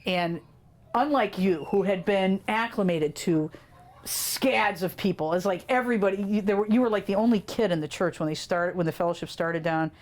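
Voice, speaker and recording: A woman telling fond family stories in an interview, animated and laughing often as she recalls them. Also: mid-range voice, moderate pace. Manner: animated, laughs often, quotes children in dramatic voices. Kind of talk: casual storytelling in an interview.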